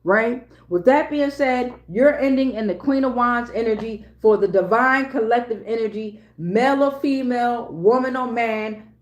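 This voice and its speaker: A woman's voice: fairly high pitch, normal speed, hardly any pauses, reverberant, dull audio. A woman giving a casual tarot reading to a phone camera, slangy and emphatic, often repeating herself. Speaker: tarot reader.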